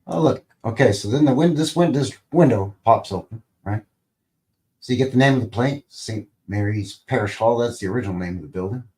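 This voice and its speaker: A man's voice: mid-range voice, a little fast, a little mellow. A man hosting a live stream, chatting casually in a rambling, playful way and tossing in goofy sound effects. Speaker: livestream host.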